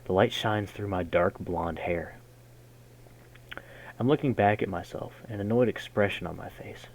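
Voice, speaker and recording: A man reading a game's story text aloud in a measured way, breaking in with casual, slangy jokes as a gaming host. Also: lowish voice, vocal fry, low-quality recording. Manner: measured narration broken by casual slangy comments. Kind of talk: reading game text aloud with jokey asides.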